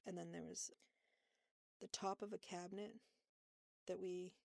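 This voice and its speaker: A young woman with a low, gravelly voice tells a story on a podcast. She rambles, with plenty of fillers and laughter. The sound is dry and close. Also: level tone, unhurried, a little mellow, no room sound. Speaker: podcast co-host. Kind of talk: casual storytelling chat.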